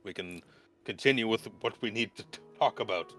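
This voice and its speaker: A man's voice: lowish voice, brisk, bright, forceful tone, faint music behind. A man voicing an impatient, sarcastic woman who dismisses the posturing at a war council. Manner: dry, dismissive.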